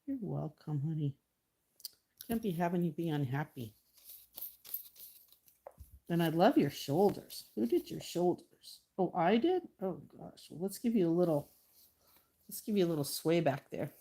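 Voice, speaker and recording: Middle-aged woman, slightly low voice, casual livestream artist who chats to her canvas. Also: animated, unhurried, pauses often, dark tone, breathy edge. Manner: chatty, talks to her painting and viewers. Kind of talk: casual chat while painting.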